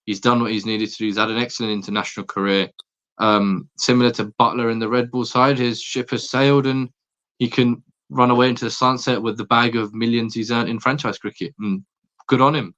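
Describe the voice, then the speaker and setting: As a guest on a podcast, a man talks sport in casual chat, opinionated and stumbling over his words with quick restarts and stammers. His medium-pitched voice is a bit bright with fairly even intonation, and the recording has a dull lo-fi sound.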